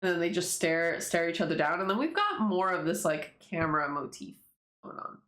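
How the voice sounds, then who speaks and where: Woman, lowish voice, very animated pitch, rambling commentary, swears freely, echoey room. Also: brisk. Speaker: webtoon creator reading her own comic.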